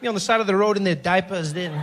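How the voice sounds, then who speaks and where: A South African man in his thirties doing stand-up, telling a story with an animated, repetitive rhythm. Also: high voice, noisy background. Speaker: stand-up comedian.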